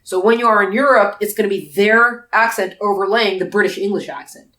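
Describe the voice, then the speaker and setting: A woman's voice: medium pitch, a little fast, fairly bright tone. A woman co-hosting a casual book podcast, talking in long rambling stretches full of restarts. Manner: chatty, rambling, lots of restarts. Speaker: podcast co-host. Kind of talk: casual book review chat. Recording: echoey room.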